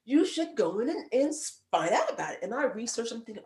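A woman in her forties, a podcast guest, telling stories in a lively, emphatic way and laughing now and then. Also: fairly high pitch, fast talker, hardly any pauses, echoey room. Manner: animated storyteller, emphatic and laughing. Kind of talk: casual chat.

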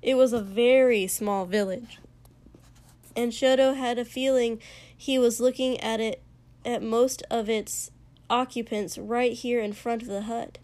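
Narrator: woman reading a story, measured, slow delivery, voice on the higher side. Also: fairly even intonation, darkish tone. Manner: unhurried, measured. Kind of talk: reading fiction aloud.

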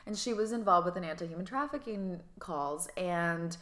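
Woman from Atlanta in her thirties, sassy and animated, low but bright, forceful voice. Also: normal speed. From Atlanta, US South. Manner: animated, sassy, laughs often. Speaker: actress guest. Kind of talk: casual interview chat.

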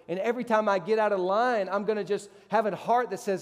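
High-voiced preaching man in echoing hall. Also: quick pace. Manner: emphatic, rising sharply on rhetorical questions. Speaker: pastor. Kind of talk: sermon.

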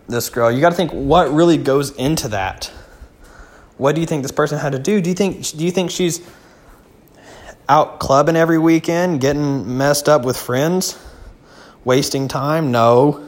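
A man's voice: fairly high pitch, a little slow, long pauses. Laid-back young man, slangy podcast talk. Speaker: podcast host. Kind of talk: casual solo podcast monologue.

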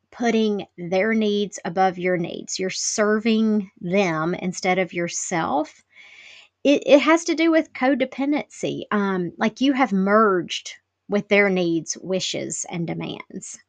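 A woman with a medium-pitched voice hosts her own podcast, talking slowly with no echo. The solo chat is casual and candid, chatty and self-deprecating, with plenty of "like" fillers.

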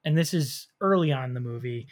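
A man co-hosting a casual movie podcast, telling scenes with animated energy and quick laughs. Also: mid-range voice. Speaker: podcast co-host. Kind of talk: casual movie review chat.

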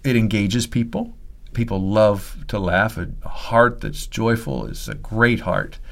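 A man from Pennsylvania, a seminary professor and preacher, telling a story in an unhurried podcast conversation with fillers. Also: lowish voice, gravelly, a bit bright.

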